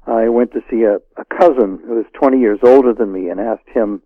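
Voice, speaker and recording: A man's voice: medium pitch, fairly quick, breathy edge, no echo, narrow, tinny audio. A man, an author, telling stories and reading from his book in a radio interview. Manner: storytelling, animated when reading dialogue.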